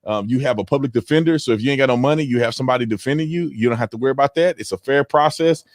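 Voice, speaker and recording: A man's voice: mid-range voice, racing, dry recording, studio quality. A man hosting a casual panel livestream, telling stories with slang and acting out what people said. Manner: animated storytelling, slangy, acts out quotes. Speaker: host.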